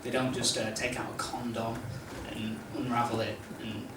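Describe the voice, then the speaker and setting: A man doing a stand-up comedy routine on a club stage, rambling and hesitant, with lots of stammered restarts and deadpan asides. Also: medium pitch, normal speed. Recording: roomy live club recording from a distance, noisy.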